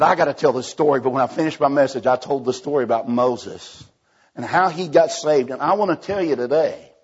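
A man's voice: on the high side, slightly rough, dull audio. A man preaching a folksy sermon, telling a story and acting out the dialogue with many restarts. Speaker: evangelist preacher.

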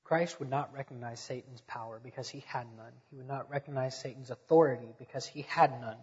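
Guy preaching a sermon, kinda husky, swells loud then goes quiet, dull echoey church sound. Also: medium pitch, brisk. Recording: dull echoey sanctuary recording.

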